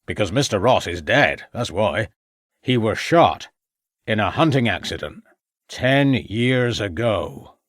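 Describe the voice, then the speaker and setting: A terse old farmer with a burr, as a man reads him. He speaks in short, clipped phrases in a low voice that still rises and falls a lot, recorded close and dry. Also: sing-song, normal speed, a bit bright, slightly rough, dry recording, exaggerated voice. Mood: insistent. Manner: terse, clipped dialect speech. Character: gruff old male rural farmer, curt.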